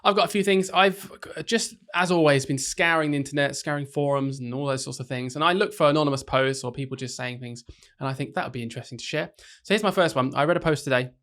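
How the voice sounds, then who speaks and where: A man's voice: a little high, fast talker, few pauses, fairly bright tone. A young man hosting a casual podcast, joking and teasing his co-host.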